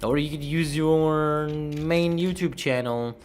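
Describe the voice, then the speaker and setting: A man's voice: fairly high pitch, steady tone, slow pace. A man chatting casually on a livestream, laid-back, swearing and tripping over words.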